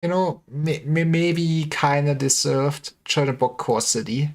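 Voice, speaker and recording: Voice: mid-range voice, measured pace, few pauses. A streamer reading game dialogue aloud in dramatic voices on a livestream, breaking off for hesitant, offhand commentary. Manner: switches between dramatic character lines and offhand commentary. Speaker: streamer voicing a game story.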